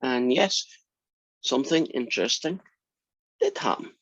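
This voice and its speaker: A man's voice: medium pitch, animated, unhurried, a bit bright, breathy edge, no room sound. Wry man lecturing math. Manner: wry, teasing. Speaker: math instructor. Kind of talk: classroom lecture. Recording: dry, muffled classroom recording.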